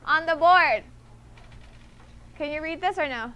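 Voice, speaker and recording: A woman with a high, bright voice teaches her class at an unhurried pace. She explains patiently and keeps checking that the students follow. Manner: patient, repeats "okay?" to check understanding. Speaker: Spanish teacher. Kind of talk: classroom instruction.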